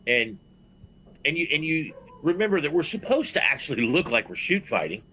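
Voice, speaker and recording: A man on a podcast telling a blunt, profane story as a veteran wrestler and getting loud and heated. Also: fairly high pitch, very animated, a little fast, a little hiss or hum, low-quality recording. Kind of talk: casual podcast chat.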